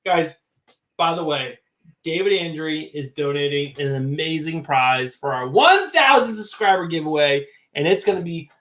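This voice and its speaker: A man's voice: fairly high pitch, expressive, moderate pace, a bit bright. An easygoing man with a New Hampshire accent hosts trivia on a casual livestream and takes the teasing in stride. His voice carries a noticeable roomy echo. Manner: easygoing, good-humored, reads trivia questions. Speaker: co-host and trivia quizmaster.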